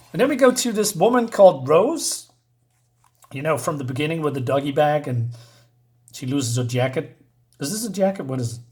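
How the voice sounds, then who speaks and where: A man's voice: fairly high pitch, a little mellow. A man talks casually through a comic book. He reads the speech bubbles aloud in loose, half-acted voices and laughs often between panels. His delivery stays loose and chatty, full of fillers.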